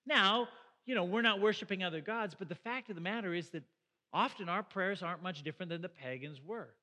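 A man's voice: high-pitched, brisk, pushed and bright, big-room sound. A middle-aged man preaching a sermon as pastor, in a conversational way that asks the listeners questions. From Canada.

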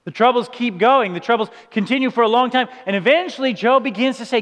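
A man's voice: extremely high pitch, fast talker, few pauses, a bit bright. A man preaching a sermon, emphatic, often asking his listeners rhetorical questions. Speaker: pastor. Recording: long reverb of a large hall.

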